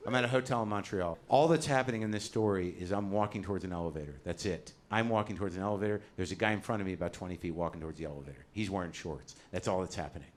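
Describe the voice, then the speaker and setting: A middle-aged man doing a stand-up set on a comedy club stage, ranting and mocking himself with lots of swearing and shouted punchlines. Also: sits low, racing, hardly any pauses, slight background noise. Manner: ranting, self-deprecating, profane, rising to shouts on punchlines. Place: comedy club stage before a live audience. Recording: live show with loud crowd laughter. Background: audience laughter.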